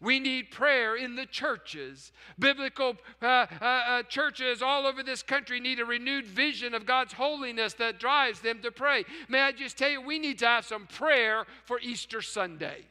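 A male pastor preaches with an unusually high, very bright and smooth voice, leaning hard on key words and then falling to hushed repetitions. The church hall rings with long reverb behind him. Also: moderate pace, few pauses. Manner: emphatic, dramatic drops to hushed repeats. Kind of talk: sermon. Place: church sanctuary.

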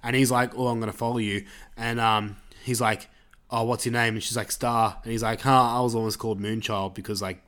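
A man on a casual podcast, retelling a movie in a rambling, profane way with quick character voices. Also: mid-range voice, steady tone, a bit bright. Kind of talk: casual chat.

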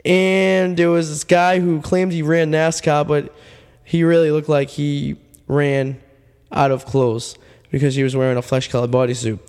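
A male radio host, telling a rambling, deadpan absurd story full of fillers, his voice getting worn. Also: a little high, measured pace, clean tone, in a large hall. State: losing his voice. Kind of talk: casual storytelling monologue.

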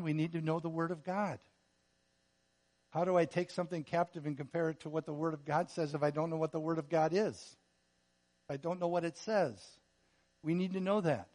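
A man preaching a sermon, earnest and repetitive, swinging between loud emphasis and quiet appeals. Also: fairly high pitch. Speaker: pastor.

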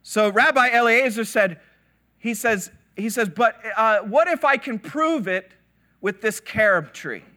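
A man giving a conversational sermon, telling stories with animated quoted voices and casual asides. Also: sits high, measured pace. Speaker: teacher.

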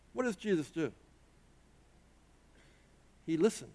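A middle-aged man preaching a sermon, emphatic, swinging from loud rises to quiet drops. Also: measured pace, pauses often. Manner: emphatic preaching, rising and dropping in pitch and loudness. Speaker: pastor.

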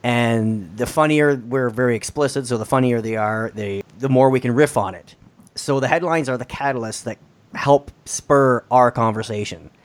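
A man's voice: medium pitch, normal speed. A Canadian man co-hosting a podcast, explaining in a rambling, self-deprecating casual chat. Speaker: podcast co-host.

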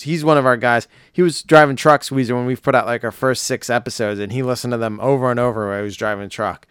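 A hoarse man hosting a podcast, chatting casually in a rambling, jokey way with some swearing. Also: medium pitch, fairly bright tone, dry recording, studio quality. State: hoarse, voice nearly gone. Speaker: podcast host.

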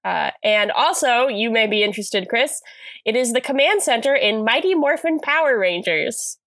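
Chatty woman with a higher voice. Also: expressive, normal speed, fairly bright tone, dry recording. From California. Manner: chatty, self-deprecating, many fillers. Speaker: podcast co-host. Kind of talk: casual chat recapping a TV episode.

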